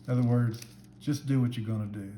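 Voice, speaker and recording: In an echoey room with a low hum in the background, a man delivers a brief devotional on the Bible as a minister. His medium-pitched voice is dark in tone, steady, and quick, and he comes across as sincere and conversational.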